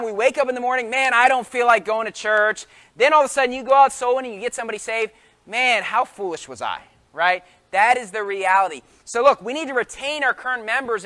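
High, bright-voiced male preacher. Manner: emphatic, frequent rhetorical questions. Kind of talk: sermon.

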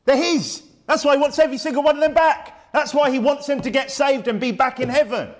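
A man's voice: extremely high pitch, brisk. A man preaching a sermon in a church, emphatic and fiery, firing off rhetorical questions.

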